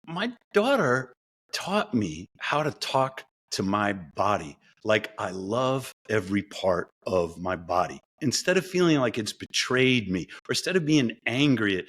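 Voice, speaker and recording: A middle-aged man, a scientist guest on a podcast, telling stories and acting out the pep talks he gives himself. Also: on the low side. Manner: animated storyteller, acts out his own pep talks. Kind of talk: podcast interview.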